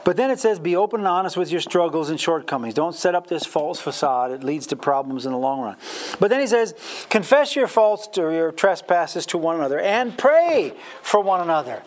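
A man's voice: fairly high pitch, very animated, normal speed, a little hiss or hum. A man giving a conversational Bible teaching, chatty and self-deprecating, with plenty of fillers.

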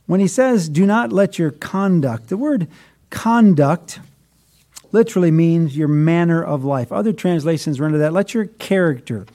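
A man with a high voice preaches a sermon. He is middle-aged and explains scripture with folksy, self-deprecating stories, and he leans hard on key words. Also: lively intonation, moderate pace, dark tone. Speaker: pastor.

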